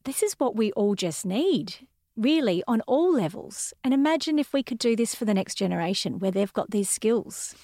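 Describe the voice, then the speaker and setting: A woman's voice: fairly high pitch, very animated, normal speed, mellow, no echo, clean studio sound. A woman hosting a parenting podcast, reflective and affirming in casual conversation. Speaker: podcast host. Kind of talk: casual chat.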